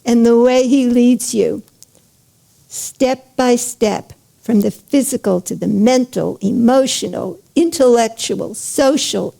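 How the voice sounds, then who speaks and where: Slow, deliberate woman teacher with a gravelly voice. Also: on the high side, mellow. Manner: slow, deliberate, drawn-out words, checks in with listeners. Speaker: spiritual teacher. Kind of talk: storytelling lecture.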